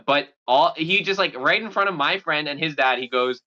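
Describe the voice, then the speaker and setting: Bright-voiced young man telling a rambling story. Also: on the high side, normal speed, highs cut off. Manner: relaxed, rambling storyteller with many fillers and restarts. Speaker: podcast co-host. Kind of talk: casual storytelling chat.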